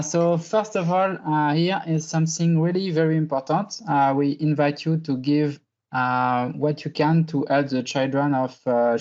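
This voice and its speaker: A man's voice: fairly high pitch, darkish tone. A man from France giving an online conference talk, hesitant and full of fillers. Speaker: conference presenter. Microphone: video call. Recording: slightly muffled online call.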